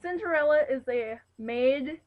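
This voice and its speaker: A woman's voice: high-pitched, a little slow. A young woman chatting casually, a bit shy and giggly as she tells a story. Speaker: vlogger's cousin. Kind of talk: casual chat. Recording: dull lo-fi webcam audio.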